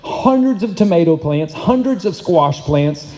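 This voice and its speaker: A man in his thirties preaching a sermon as pastor, energetic and joking, swinging between loud and soft. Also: high-pitched, unhurried. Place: church hall. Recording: long hall reverb.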